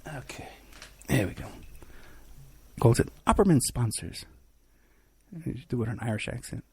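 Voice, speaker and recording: A man's voice: mid-range voice, big pitch swings, normal speed, a little mellow, slightly rough, dry recording. A man hosting a talk show, talking in a rambling way with frequent restarts and fillers. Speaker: radio show host. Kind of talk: casual talk-show monologue.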